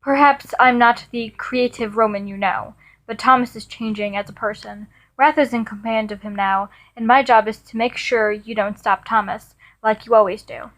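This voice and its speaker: A woman voicing a brainwashed young man who speaks flatly and dismissively, in a fan-read audio story. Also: a little high, moderate pace, lightly acted, low-quality recording. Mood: cold. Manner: flat, dismissive delivery. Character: cold, monotone young man, a brainwashed hero.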